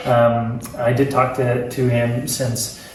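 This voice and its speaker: A man's voice: mid-range voice, level tone, slow pace, a little mellow, very echoey, distant mic, a little hiss or hum, low-quality recording. A man talking casually as an author in an interview, chatty and joking, with many fillers and restarts.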